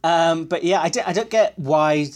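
A wry, teasing man hosting a casual podcast. His voice sits a little higher than most men's. He keeps a dry, joking tone throughout. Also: moderate pace, a little mellow. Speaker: podcast host. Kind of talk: casual chat reviewing a TV show.

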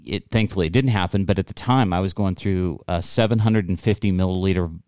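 Deep-voiced, earnest male host. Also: a little fast, darkish tone, smooth, no echo, clean studio sound. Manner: earnest, empathetic, shares personal stories. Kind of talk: conversational talk show.

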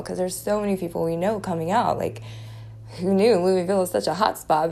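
Her voice fairly low, creaky, and a little mellow, a forties-aged woman hosts a casual solo podcast. She's candid and profane, laughs frequently, and has a slight lisp caused by a chipped tooth.

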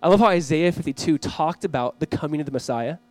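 A man's voice: on the high side, quick pace, no echo. A man preaching a sermon as pastor, talking in a conversational way that swells into fervent emphasis.

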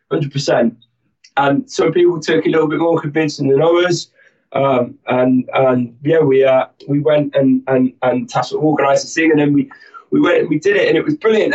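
Rambling man, muffled and distant. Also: a little high. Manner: rambling, many restarts and fillers. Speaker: guest, army instructor. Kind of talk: casual interview storytelling.

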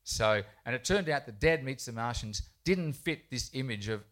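A man's voice: medium pitch, animated, moderate pace, fairly bright tone. A man who writes poems for children tells a rambling, self-deprecating anecdote to a live audience in a bookshop, with frequent restarts. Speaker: children's poet speaking at a festival panel. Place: bookshop event space, indoors.

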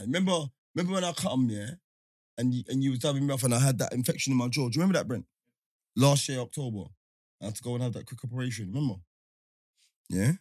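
A young man, telling a story in casual chat, animated and laughing often. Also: mid-range voice, no room sound.

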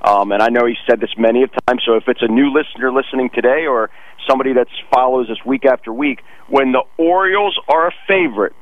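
A man's voice: medium pitch, fast talker, dull audio. A man co-hosting a sports radio talk show, speaking conversationally to his partner. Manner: conversational, addressing his co-host.

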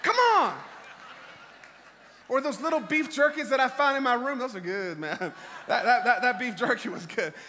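A middle-aged man preaching a sermon, impassioned and shouting exhortations with chuckles in between. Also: very high voice, a little fast. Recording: reverberant hall.

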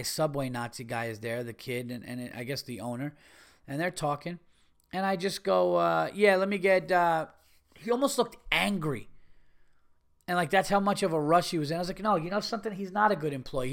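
Male podcast host, high-pitched, ranting comic storyteller, swears a lot, plays every part in the story. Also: gravelly, fairly bright tone. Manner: profane, ranting, exasperated, acts out both sides of a conversation. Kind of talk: comedic storytelling rant.

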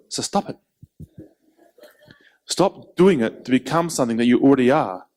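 A man preaching a sermon in an animated way, acting out quoted voices. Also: fairly high pitch. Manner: animated, acts out quotes, laughs between points.

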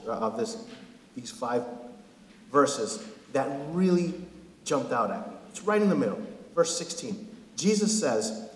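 A man in his thirties gives a chatty, humorous sermon in a church, his slightly high voice ringing through the hall. The room is reverberant, with a long echo trailing his words. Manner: casual and joking, often checks in with "right?". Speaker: pastor. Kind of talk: conversational sermon. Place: church sanctuary.

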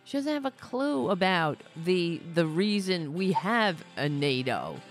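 A woman's voice: lowish voice, very animated, measured pace, soft background music. A woman hosting a casual political livestream, ranting in an angry, profane and sarcastic way. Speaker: host.

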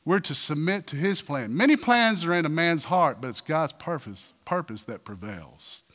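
A man preaching a sermon in a church, animated, firing rhetorical questions and acting out quotes. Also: fairly high pitch, normal speed, in a large hall. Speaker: pastor.

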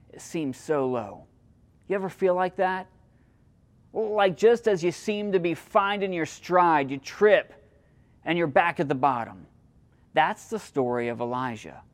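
A man preaching a sermon, moving between strong emphasis and quiet, almost whispered lines. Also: on the high side. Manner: dynamic, swings from loud emphasis to near-whisper. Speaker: pastor.

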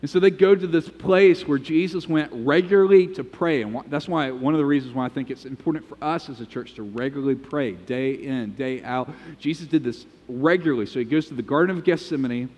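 A man, a pastor, preaching a sermon in a church, telling the story with animated quoted voices. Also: mid-range voice, brisk, hardly any pauses, big-room sound. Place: church sanctuary.

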